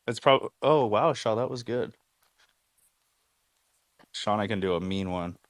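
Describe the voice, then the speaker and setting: Excitable man hosting a dry-sounding chat. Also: on the low side, measured pace, no echo. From United States. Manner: excitable, laughing, slangy. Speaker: host. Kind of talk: casual chat. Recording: online audio chat.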